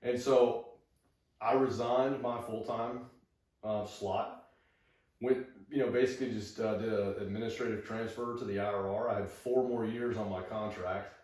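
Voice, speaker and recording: A man in his thirties tells his story in an easy, wandering way, with plenty of fillers and restarts. His voice sits low, and he is heard a little away from the mic. The room rings with heavy echo. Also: steady tone, normal speed, darkish tone. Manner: rambling, many fillers and restarts. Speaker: podcast guest, veteran. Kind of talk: casual conversation. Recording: echoey room, far from the mic.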